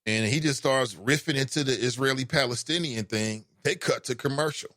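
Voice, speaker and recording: A man hosting a call-in talk show, giving casual commentary with an animated delivery that swings from loud emphasis to low asides. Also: moderate pace, no echo, studio quality.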